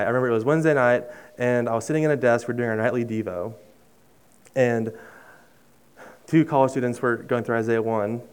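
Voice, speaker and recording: A young man preaching in a smooth, resonant voice at an ordinary middle pitch. He talks earnestly and conversationally, restarting his phrases, and sinks to a near-hush on heartfelt lines. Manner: drops to a soft hush on emotional lines. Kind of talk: sermon with personal story.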